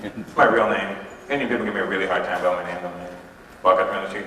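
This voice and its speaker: A young man from Canada performing an animated stand-up set, acting out voices and characters. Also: low-pitched, fast talker. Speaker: stand-up comedian. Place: large indoor hall with audience. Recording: echoey hall, far from mic, noisy old tape.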